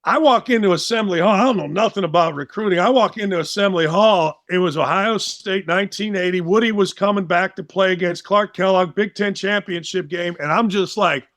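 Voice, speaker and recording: Animated Midwestern man telling a story. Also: sits high, a little fast, hardly any pauses. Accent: Midwestern American. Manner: animated, acts out quotes in lively voices. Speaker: sports talk host, guest storyteller. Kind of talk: casual storytelling interview.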